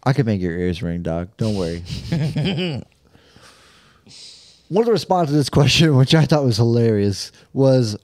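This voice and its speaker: A man's voice: mid-range voice, sing-song, a little slow, long pauses, darkish tone, dry recording. A young man co-hosting a podcast in casual chat, crude and joking, laughing often as he talks. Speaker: podcast co-host.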